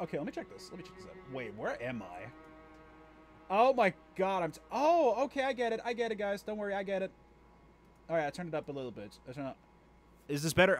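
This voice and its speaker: A man's voice: mid-range voice, a bit bright. A young man streaming a video game, with rambling, self-deprecating live commentary. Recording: noisy stream mic.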